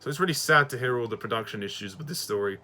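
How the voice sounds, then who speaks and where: A man's voice: medium pitch, racing, bright, forceful tone. A man giving a casual, blunt, opinionated review, laughing often and restarting his sentences. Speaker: video reviewer.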